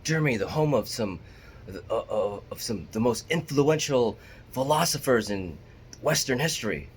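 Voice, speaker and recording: A man vlogging straight to his camera in an unhurried, candid ramble, poking fun at himself as he goes. His voice sits at an ordinary middle pitch, and a faint hiss runs underneath. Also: lively intonation. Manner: candid, chatty, self-deprecating. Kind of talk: casual talk to camera.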